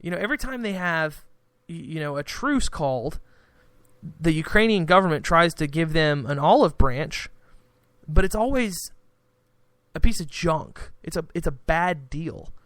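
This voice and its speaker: A man hosts a podcast, talking loosely through political commentary and stopping often to restart his thoughts. His voice sits a little high and sounds smooth and clean. The recording is dry and close, with no room sound around him. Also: animated, measured pace, a bit bright, no room sound. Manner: rambling, restarts, acts out quoted exchanges. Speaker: podcast host.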